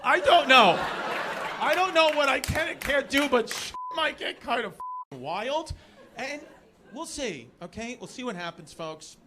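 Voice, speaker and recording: A man's voice: extremely high pitch, expressive, measured pace. A man from New doing live stand-up comedy in a club, rambling and self-deprecating while teasing the crowd. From New York. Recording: live club, loud audience and room noise.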